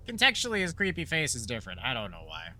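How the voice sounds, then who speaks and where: Brief: male let's-play streamer, bright voice, jokey, rambling asides, swings up and down a lot. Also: medium pitch, wildly swooping pitch, fast talker. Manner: rambling, joking, thinks out loud. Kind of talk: casual gameplay commentary.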